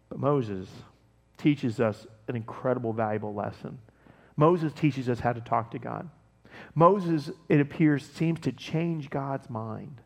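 A male pastor giving a casual, conversational sermon, animated and laughing often as he tells stories. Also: mid-range voice, measured pace, big-room sound.

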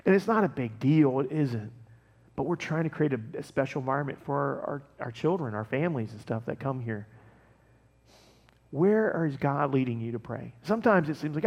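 A male pastor giving a casual, conversational sermon, animated and laughing often as he tells stories. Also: mid-range voice, moderate pace, in a large hall, muffled recording.

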